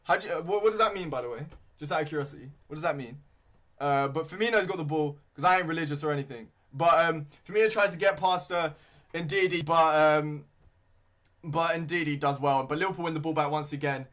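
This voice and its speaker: A young man giving live, excitable fan commentary on a football match, full of slang and shouting at big moments. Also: a little high, a little fast. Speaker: fan commentator streaming a watchalong.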